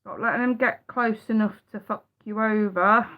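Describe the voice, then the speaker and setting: Blunt, sweary tarot reader. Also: female voice, mid-range voice, steady tone, moderate pace. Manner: blunt, heavy swearing, emphatic repetition. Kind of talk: live-streamed tarot reading. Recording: dull lo-fi sound.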